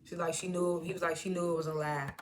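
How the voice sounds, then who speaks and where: A woman's voice: fairly low pitch, flat delivery, fast talker, slight background noise. A woman giving a casual episode recap, retelling scenes by quoting the characters in slangy talk and laughing often. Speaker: TV episode reviewer.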